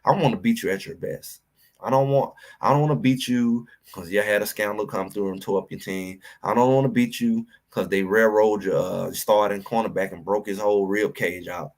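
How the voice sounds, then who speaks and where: A man hosting a livestream and ranting about college football, addressing his chat directly in an animated, preachy way. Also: fairly low pitch, normal speed. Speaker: sports talk host. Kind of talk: livestream sports commentary.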